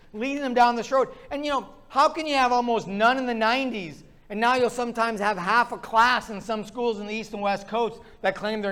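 A man preaching with a noticeably high-pitched voice, ranting with fervor. He pounds the pulpit as he drives his points home in a sermon. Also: sharp tone. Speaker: pastor.

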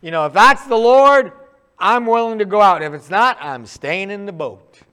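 A man preaching a sermon in a conversational, animated storytelling way, acting out quick asides. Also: high voice, smooth.

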